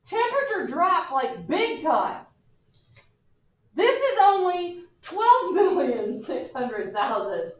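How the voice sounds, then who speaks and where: A woman teacher lecturing her class, animated and joking with her students, recorded from a distance in a classroom. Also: very high voice, takes it slowly. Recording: echoey classroom from far off.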